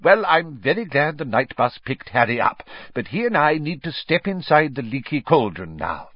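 A man's voice: on the high side, sing-song, normal speed, breathy edge, no echo, lo-fi sound, pitched above the performer's own voice. A man voicing a portly, testy middle-aged male official who speaks curtly and pointedly. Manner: curt and pointed.

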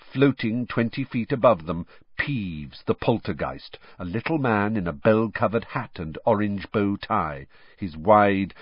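Husky, lively male audiobook narrator. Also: on the low side, dry recording. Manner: expressive, animated storytelling. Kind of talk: scripted narration. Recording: dull, dry studio sound.

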